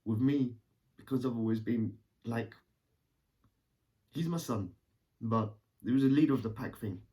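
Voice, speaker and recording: A man's voice: mid-range voice, a little slow, mellow, recorded from a distance. A man tells a personal story in a candid, rambling way and swears casually.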